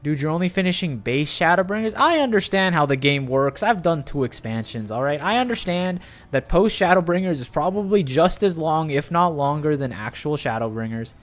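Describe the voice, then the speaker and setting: A man's voice: fairly high pitch, expressive, a little fast. A man streaming a game live, chatting with his viewers in a sarcastic, playfully defensive way. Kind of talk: casual gaming livestream commentary.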